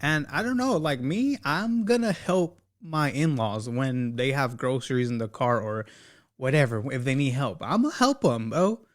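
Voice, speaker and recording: A man commentating on a clip in a relaxed, chatty way, throwing in teasing asides and short laughs. His pitch sits in an ordinary middle range, and his talk is informal and conversational. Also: moderate pace. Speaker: commentary host. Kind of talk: reaction commentary.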